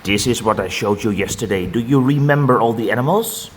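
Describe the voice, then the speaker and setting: A man teaching farm animal names to young learners, saying each word slowly and repeating it for them to copy. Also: fairly low pitch, slight background noise. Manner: slow, drawn-out word modelling with repeated words. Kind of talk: children's vocabulary lesson.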